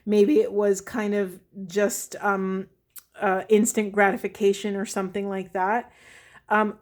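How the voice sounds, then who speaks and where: A woman's voice: medium pitch, a little mellow. A woman reading tarot cards and musing aloud about their spiritual messages, often stopping to restart her sentences. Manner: thinking aloud, halting restarts. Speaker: tarot card reader.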